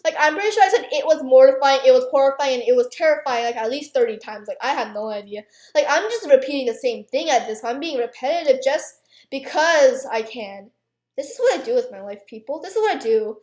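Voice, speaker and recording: A woman's voice: sits high, darkish tone, echoey room. A teenage girl ranting in a rambling, self-mocking way, packed with fillers, while playing a game on her channel. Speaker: gaming YouTuber. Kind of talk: rambling chatty rant over gameplay.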